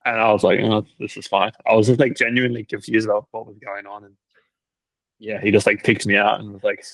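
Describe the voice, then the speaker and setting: A young man talks in a casual podcast chat, spinning a story with plenty of "like" fillers and easy laughter. His voice sits fairly low, and the recording is close and dry. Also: little pitch movement, fast, a bit bright, dry recording, low-quality recording. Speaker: cricket team videographer.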